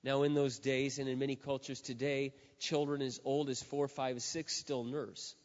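A middle-aged man preaching a sermon as a pastor, with emphatic, drawn-out stresses and swings from loud to hushed. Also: mid-range voice, flat delivery. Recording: echoey hall, dull lo-fi sound.

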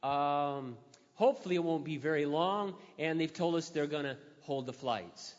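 Middle-aged man, storytelling, self-mocking, animated, echoey hall, muffled sound. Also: a little high, normal speed. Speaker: Christian speaker. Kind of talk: storytelling talk.

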